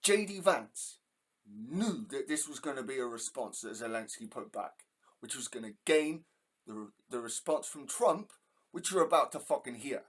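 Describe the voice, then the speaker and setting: A man's voice: expressive, normal speed, a bit bright, husky. A man giving an angry, profane reaction commentary, stumbling over his words with rage. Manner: furious, profane ranting, pitch jumping sharply. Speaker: reaction video host.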